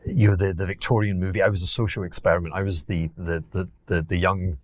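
Glaswegian man with a low, dry voice. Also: steady tone, fast, no echo. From Scotland. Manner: rambling, repeats words and restarts, chuckles. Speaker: guest, investor. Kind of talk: casual interview storytelling.

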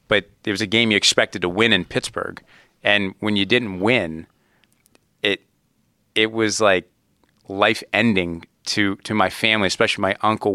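A man's voice: deep voice, sharp tone, clear, resonant tone, no echo, clean studio sound. A man in his thirties from Ohio, a sports executive answering interview questions in an earnest, reflective way. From Ohio, USA. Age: 30s. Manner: earnest, reflective, frequent "you know". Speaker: sports team executive, guest. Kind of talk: conversational interview.

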